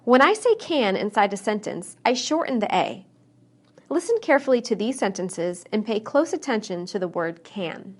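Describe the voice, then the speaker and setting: A woman teaching English pronunciation in a scripted lesson, reading example sentences slowly and carefully enunciated. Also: mid-range voice, sing-song.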